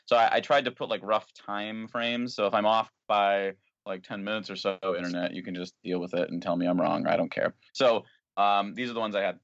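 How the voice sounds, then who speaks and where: A rather low-voiced man rambles through his picks with wry asides and frequent self-corrections. His voice sounds dry and close, with a slightly dull, lo-fi tone. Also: fairly even intonation, fairly quick, a bit bright, no echo. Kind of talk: casual film chat.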